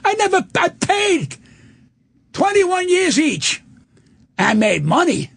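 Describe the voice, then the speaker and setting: An older man, a comedian guest in a radio studio, ranting loudly and profanely and acting out the people in his stories. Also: very high-pitched, huge pitch swings, gravelly. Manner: loud, profane, rapid-fire storytelling with acted-out quotes. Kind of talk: angry radio rant and storytelling.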